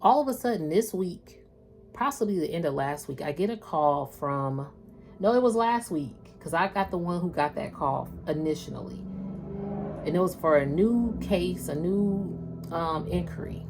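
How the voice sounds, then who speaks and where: A woman's voice: lowish voice, expressive, normal speed, darkish tone, faint music behind. A woman doing a casual spiritual reading, chatting with viewers in a slangy, loose way. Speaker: spiritual tarot reader.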